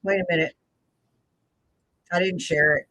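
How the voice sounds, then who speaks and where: Sharp-voiced streamer sneering at a clip. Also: medium pitch, fairly even intonation, a little slow. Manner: sneering, crude. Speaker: stream host reacting to clips. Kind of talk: mocking live reaction commentary.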